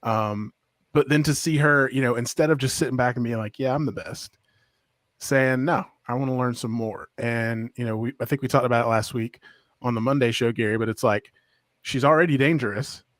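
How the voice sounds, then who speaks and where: Man in his 30s, co-host, enthusiastic, jokey, mid-pitched, dry close sound. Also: a little fast, dry recording. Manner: enthusiastic and joking. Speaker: podcast co-host. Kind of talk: casual chat.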